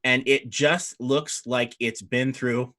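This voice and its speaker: A man running a tabletop game as dungeon master, describing scenes in a loose, rambling way. His voice is bright and forward, pitched in the middle. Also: fairly even intonation, slow pace. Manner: rambling, with frequent fillers and restarts. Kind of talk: improvised tabletop game narration.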